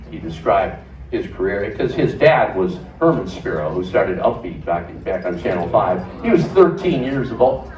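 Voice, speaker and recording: A man's voice: fairly low pitch, darkish tone. An older man, a former radio host, recalling his first days at a station. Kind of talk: reminiscing on stage. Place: stage at a music club. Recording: echoey, dull, from far off.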